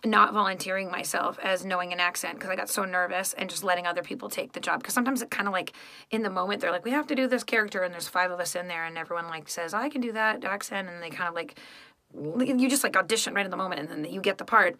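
A woman's voice: lowish voice, fast talker, sharp tone, no room sound. A woman, an actress and voice actress, telling rambling stories in a casual recorded message to a fan. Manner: chatty, rambling storytelling.

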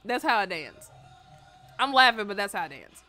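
A woman's voice: medium pitch, very animated, moderate pace, sharp tone, soft background music. A woman host chatting casually as she reacts to memes, rambling in slang and laughing often. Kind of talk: casual meme-reaction chat.

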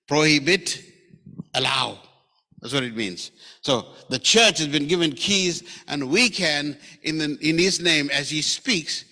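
South African male pastor, bright and slightly high voice, conversational storytelling sermon, echoing church hall. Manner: storytelling, acting out quoted lines, conversational. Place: church sanctuary. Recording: church hall with long reverb.

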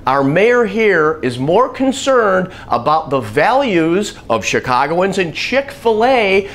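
A man's voice: sits high, very animated, slow pace, a bit bright. A man giving blunt, sarcastic, emphatic commentary on his own vlog. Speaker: vlogger. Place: Chicago.

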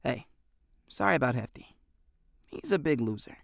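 A man voicing a quiet, understated teenage boy with dry humor in an audiobook. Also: medium pitch, expressive, normal speed, creaky, no echo. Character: quiet, dry-witted teen boy hero.

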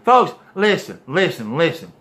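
Guy preaching hard at the camera, keeps going folks listen, bit high pitched. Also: sing-song, a little slow, fairly bright tone. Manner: impassioned, emphatic, repeatedly saying "folks, listen". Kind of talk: preaching to a video audience.

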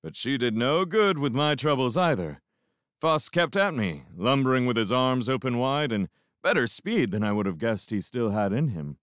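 A man narrating a novel in the first person as a fan audiobook reader, with an expressive delivery and reflective pauses. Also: mid-range voice, no room sound, studio quality.

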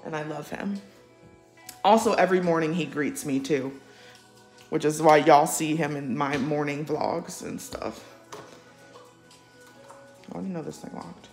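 A woman's voice: deep voice, measured pace, pauses often, a little mellow, soft background music. A woman vlogging casually at home, chatting with her live viewers, reading their comments aloud and talking to her cat. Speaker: livestream vlogger. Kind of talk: casual live-chat vlog. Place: at home indoors.

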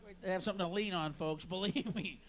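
A man doing a stand-up routine on a club stage, brash and profane, working the crowd and bursting into shouts. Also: high voice, quick pace. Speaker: stand-up comedian.

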